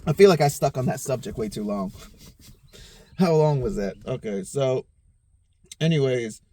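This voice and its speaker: A man's voice: medium pitch, lively intonation, measured pace, warm tone, a little hiss or hum. A slightly tipsy man hosting a podcast, rambling through a personal story with lots of swearing and constant "you know what I'm saying". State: a little tipsy. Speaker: podcast host. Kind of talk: casual storytelling monologue.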